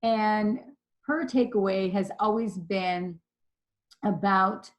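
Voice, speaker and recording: A woman presenting a leadership lesson from her slides. She tells her stories in a chatty, animated way, her voice at an ordinary middle pitch. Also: takes it slowly, rough recording. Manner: storytelling, chatty, animated retelling. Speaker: leadership trainer.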